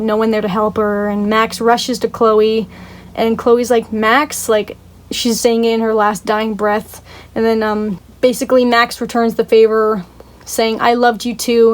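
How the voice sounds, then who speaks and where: A young woman casually retelling a story for a video review, rambling with lots of "like" and swearing, and gushing about how sad it was. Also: a little high. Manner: emotional, gushing.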